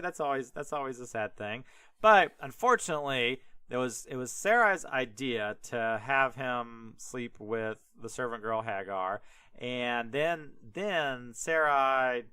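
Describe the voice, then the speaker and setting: A man's voice: mid-range voice, pushed and bright, clean tone, no echo. A young man hosting a podcast, retelling scripture in an irreverent, rambling way full of fillers. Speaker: podcast host.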